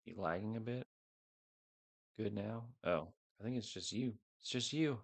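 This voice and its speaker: Low gravelly man chatting on a stream. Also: measured pace. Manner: rambling, unsure, talks to viewers. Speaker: livestream host. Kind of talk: casual livestream chat. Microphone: headset microphone.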